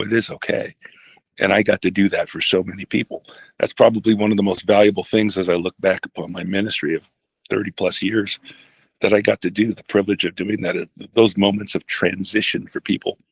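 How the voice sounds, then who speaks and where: An older man, a retired pastor, telling a personal story in a halting, reflective way with many restarts. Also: deep voice, vocal fry, breathy edge, no room sound.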